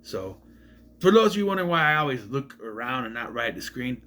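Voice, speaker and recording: A man gives a loose, rambling movie review straight to camera, his bright voice swinging widely in pitch. He trips over himself, restarts sentences and swears bluntly. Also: very animated, fairly quick. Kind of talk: casual film review to camera.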